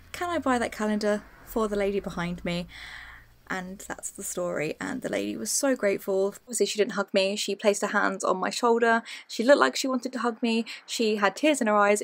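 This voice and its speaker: A woman's voice: mid-range voice, no echo. A young woman, chatting casually and bluntly to camera in a daily vlog, swearing now and then. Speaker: vlogger.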